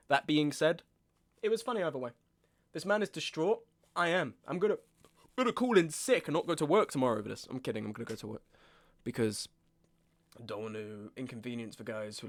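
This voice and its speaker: A man in his twenties chatting casually on a live stream, exasperated, ranting and often repeating himself. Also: mid-range voice. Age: 20s. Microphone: webcam setup at home.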